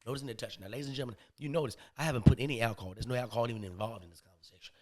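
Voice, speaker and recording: A man guest on a podcast telling a comedic story, slangy and profane, dropping to low murmurs and then bursting out loud. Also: racing. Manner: animated, swings between low murmurs and loud outbursts.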